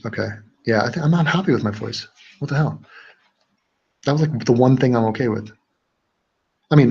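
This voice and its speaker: A man's voice: medium pitch, breathy edge, muffled recording. A man hosting a livestream, reading out chat comments and chatting casually in a rambling, joking way. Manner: rambling, joking, with fillers and restarts.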